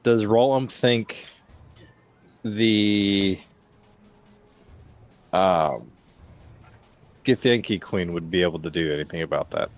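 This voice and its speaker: A man's voice: deep voice, slow, pauses often, highs cut off, soft background music. A man playing in a tabletop game who laughs often and speaks in character at times. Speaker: player.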